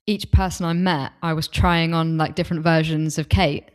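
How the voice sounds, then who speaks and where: A female guest on a podcast with a fairly low voice, speaking into a desk microphone. She talks openly and with enthusiasm, often breaking off and restarting her thoughts in casual conversation. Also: fairly even intonation, moderate pace, a little mellow, smooth.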